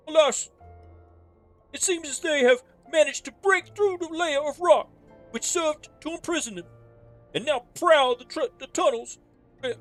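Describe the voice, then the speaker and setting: A woman's voice: high voice, voice pushed up. A woman voicing a courteous middle-aged male innkeeper in a game, with a put-on New Jersey wise-guy accent and formal speech. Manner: formal, old-fashioned speech. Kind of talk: voicing game dialogue on a stream.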